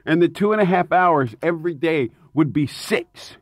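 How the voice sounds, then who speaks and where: A man, a touring rock singer, telling tour stories in a casual interview, animated and emphatic, laughing often. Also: fairly high pitch, moderate pace, dry recording, clean studio sound.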